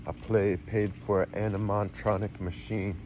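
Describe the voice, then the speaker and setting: A man's voice: fairly low pitch, level tone, a little slow, darkish tone, slight background noise. A man rambling through a casual, half-improvised monologue, drifting from one fanciful idea to the next and swearing mildly now and then. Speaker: vlogger.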